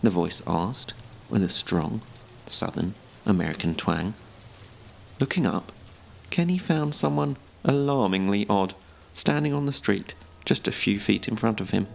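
A man narrating a written story in a measured, expressive storytelling manner. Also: fairly low pitch, gravelly.

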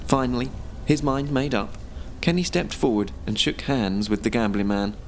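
A man narrating a written story in a measured, expressive storytelling manner. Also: mid-range voice, a little hiss or hum.

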